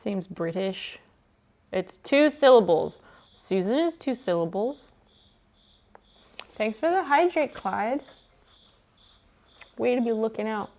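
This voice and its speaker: A woman's voice: on the high side, animated, slow pace, long pauses, a little mellow. Chatty woman streaming a furniture restoration. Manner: chatty, joking, talks to chat while working. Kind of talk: casual live-stream chat with viewers.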